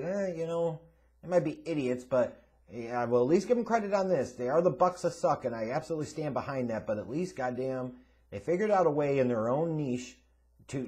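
A man's voice: medium pitch, darkish tone. A man hosting a casual Q&A, reading out viewer questions and answering them bluntly, sarcastically and with a lot of swearing. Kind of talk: casual Q&A rant.

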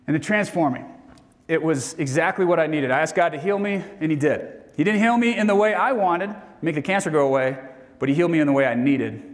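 A man in his forties gives a heartfelt keynote from a stage, with a voice of middling pitch. His delivery is earnest and dips to near hushes before it climbs back to energetic peaks. The sound carries a long reverb from a large hall. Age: 40s. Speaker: motivational keynote speaker. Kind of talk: personal storytelling speech.

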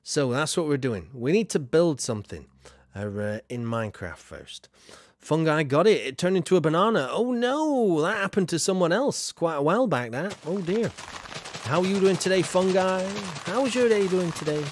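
A man's voice: a little high, lively intonation, moderate pace, husky, no room sound, studio quality. A man streaming a game, casually reading viewers' comments aloud and chatting with frequent fillers. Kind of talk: casual live-stream chat.

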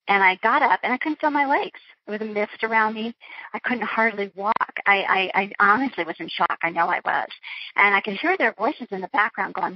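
A woman's voice: mid-range voice, fast, breathy edge, dull audio. A woman being interviewed, recounting a personal ordeal in an earnest, flowing way with frequent restarts. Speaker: interview guest.

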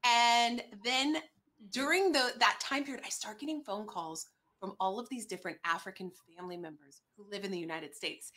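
A woman who is a guest on an interview show, telling her personal story in an earnest, animated way. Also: mid-range voice, normal speed, noisy background.

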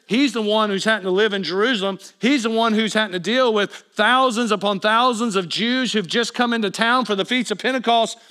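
A male pastor preaching a sermon, telling the story with lively energy and acting out the people in it. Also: very high-pitched. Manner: animated storytelling preacher, acts out quoted voices.

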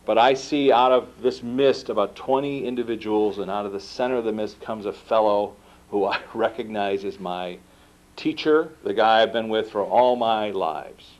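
A man giving a talk to an audience, telling his story animatedly and acting out quoted dialogue. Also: normal speed. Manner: acts out quoted dialogue with lively pitch jumps. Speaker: speaker giving a book talk. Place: lecture room. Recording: dull lo-fi recording.

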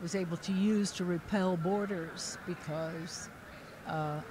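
A woman's voice: on the low side, steady tone, takes it slowly, background noise. An older actress as an interview guest, telling stories in a chatty way, laughing often and restarting her sentences. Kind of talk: casual anecdotal storytelling. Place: convention floor.

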